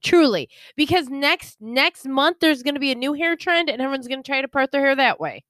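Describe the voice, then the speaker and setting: A woman's voice: high voice, lively intonation, fairly quick, a bit bright, dry recording. A young woman co-hosting a podcast, chatting and gossiping with sarcasm and frequent laughter. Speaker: podcast co-host. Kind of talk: casual gossip chat.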